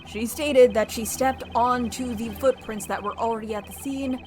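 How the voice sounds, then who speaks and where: A woman's voice: on the high side, steady tone, normal speed, a little mellow, a little hiss or hum, natural voice. A woman voicing an earnest, sometimes stammering young male defense lawyer while streaming a game. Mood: arguing. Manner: earnest, stammering when cornered. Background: game music.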